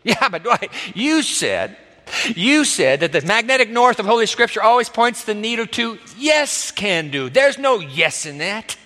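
Animated high-voiced preacher in a hall. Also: male voice, measured pace. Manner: dramatic, acts out quoted voices. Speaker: pastor. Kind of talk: sermon. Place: church sanctuary. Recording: reverberant hall.

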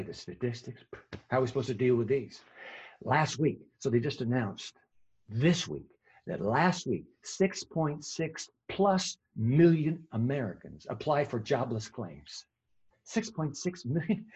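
A male pastor giving a conversational sermon, swinging between emphatic and hushed delivery. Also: mid-range voice, slightly rough, dull audio.

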